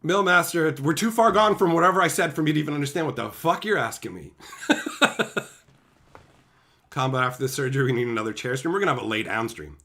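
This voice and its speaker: A man's voice: fairly high pitch, expressive, quick pace, long pauses, bright, forceful tone. A man streaming live, chatting with viewers in brash, joking banter and swearing constantly.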